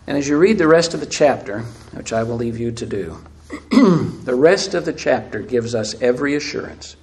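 A man preaching a sermon, asking emphatic rhetorical questions and swinging between loud and hushed delivery. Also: medium pitch. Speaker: pastor.

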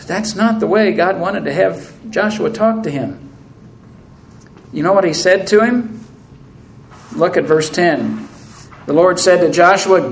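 A man preaching in an earnest, fairly high voice. He reads scripture aloud with rising intensity, and a faint hiss sits under the recording. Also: a little slow, long pauses, rough recording. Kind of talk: sermon.

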